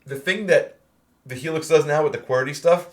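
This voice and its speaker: A man with an American accent hosting a podcast, chatting casually with lots of fillers and bursts of excited laughter. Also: fairly high pitch, moderate pace. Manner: animated, laughing storyteller, many fillers. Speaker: podcast host. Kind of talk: casual chat.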